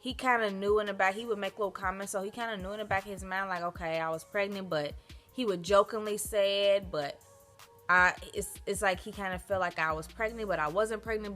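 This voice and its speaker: A woman's voice: medium pitch, fairly bright tone. A young woman telling a personal story in a chatty vlog style, filling her talk with "like". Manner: chatty, lots of "like" fillers. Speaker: vlogger.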